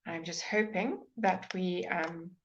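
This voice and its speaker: A woman's voice: lowish voice, slow pace, dull audio, a little hiss or hum. A woman teaching English pronunciation in a live online lesson, patiently repeating each word many times.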